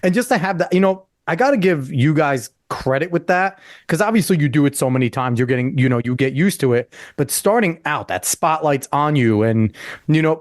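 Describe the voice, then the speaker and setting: A man's voice: medium pitch, no echo, studio quality. A man hosting a podcast, chatting casually and telling family stories loosely, laughing at his own anecdotes. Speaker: podcast host.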